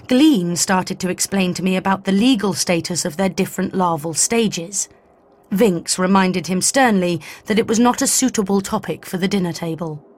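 A woman narrating a science-fiction story in the first person, with an even, measured delivery. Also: medium pitch. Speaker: audiobook narrator. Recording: faint background music.

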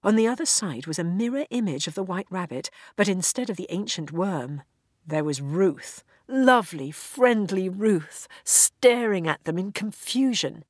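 Low-voiced woman reading a story. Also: no room sound, clean studio sound. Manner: measured, expressive storytelling. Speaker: narrator. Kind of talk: audiobook reading.

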